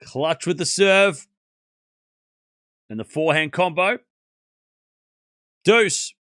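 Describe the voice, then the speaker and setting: A man streaming live play-by-play commentary of a tennis match, calling each shot and reacting loudly to big points. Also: fairly high pitch, slow pace, no room sound, clean studio sound. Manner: excitable, animated, calls each shot. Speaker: watchalong commentator.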